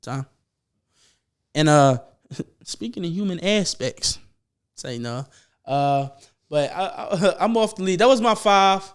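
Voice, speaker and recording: A young man hosting a podcast, chatting casually and profanely, getting animated and louder as he gets excited. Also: high-pitched, slow pace, pauses often, smooth. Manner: animated, profane storytelling, rising loud when excited. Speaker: podcast host. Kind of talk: casual chat.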